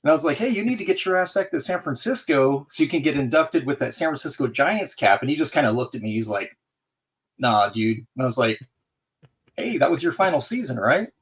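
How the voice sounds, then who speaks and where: A man's voice: on the high side, lively intonation, fairly quick. A man in a casual video call, telling a story and acting out both sides of the conversation. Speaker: guest in a group video chat.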